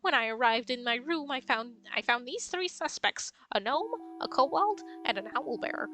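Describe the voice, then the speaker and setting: A woman's voice: on the high side, lively intonation, normal speed, pitched above the performer's own voice, lightly acted. A woman voicing a delicate, fretful female mouse who melodramatically begs heroes for help in a game. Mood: pleading dramatic. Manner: melodramatic, pleading.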